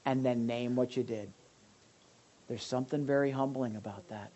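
A man preaching a conversational sermon to his congregation, lively and direct, with frequent asides and questions to his listeners. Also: medium pitch, moderate pace, dull audio. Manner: animated, addresses the audience directly, frequent asides. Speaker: pastor.

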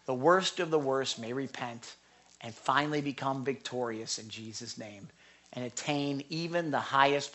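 A middle-aged man delivers an impassioned sermon in a bright, clear voice. His pleas climb high and urgent, then fall to a near hush. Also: slight background noise. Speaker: pastor. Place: church without a microphone.

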